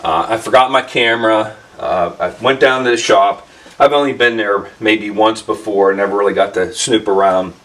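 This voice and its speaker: A man's voice: lowish voice, moderate pace, fairly bright tone, distant mic. A man hosting a casual vlog, telling a story in a rambling way with many fillers and restarts in his workshop. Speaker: channel host.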